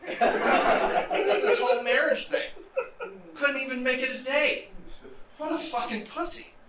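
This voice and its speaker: A man doing a stand-up comedy set on stage, delivering deadpan setups with wry asides. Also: very high voice, a little slow. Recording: roomy, distant live club recording with noise.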